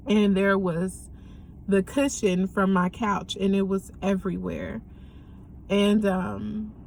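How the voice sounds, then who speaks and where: Young woman, mid-pitched voice, candid personal testimony, halting and earnest, frequent ums, faint background ambience. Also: vocal fry, slight background noise. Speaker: vlogger sharing a personal story.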